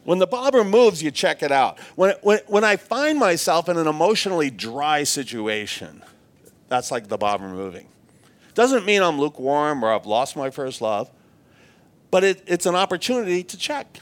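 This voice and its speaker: Male preacher, earnest and reflective, pitch rising and falling widely through the sermon. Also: sing-song, moderate pace. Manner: earnest, reflective, repeats words when restarting.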